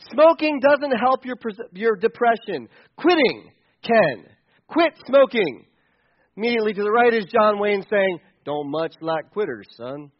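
A man's voice: very high voice, muffled recording. A man giving sarcastic, exasperated comedic commentary on pictures, chuckling as he goes.

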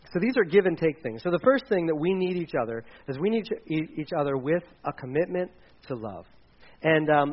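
A man's voice: fairly high pitch, highs cut off. A man in his forties, a pastor preaching a casual sermon with dad jokes and frequent fillers. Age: 40s.

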